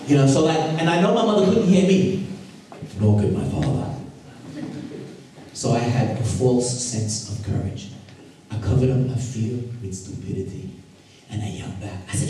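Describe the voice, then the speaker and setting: A man who is a Catholic priest, giving a slangy, animated street-style talk full of stories. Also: mid-range voice, moderate pace, long pauses. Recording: echoey hall, mic far off, noisy.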